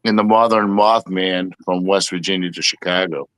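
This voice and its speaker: A man's voice: low-pitched, steady tone, moderate pace, fairly bright tone, no echo. A man co-hosting a podcast, telling a story in casual chat and acting out the quoted dialogue. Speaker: podcast co-host.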